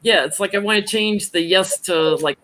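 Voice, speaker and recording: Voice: medium pitch, normal speed, a bit bright, a little hiss or hum. A tarot reader hosting a casual livestream chat, chatty and giggling along.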